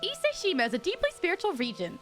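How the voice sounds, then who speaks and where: A woman's voice: extremely high pitch, huge pitch swings, fast talker, fairly bright tone, soft background music, voice pushed up, heavily acted. A woman voicing a flamboyant, pompous male fantasy writer in a fake Southern drawl, reading game dialogue aloud. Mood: theatrical. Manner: theatrical, grandiose.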